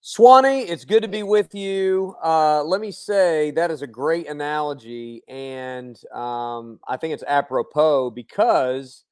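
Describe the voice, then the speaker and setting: Animated fast-talking man on sports radio. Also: a little high, clear, resonant tone. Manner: animated, quick, filler-heavy. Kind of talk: casual sports talk radio.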